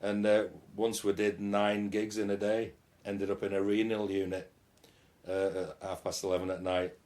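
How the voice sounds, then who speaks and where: A man's voice: lowish voice, little pitch movement, normal speed, a little mellow. A man, a guest musician, chatting casually in an interview, rambling with many fillers and restarts.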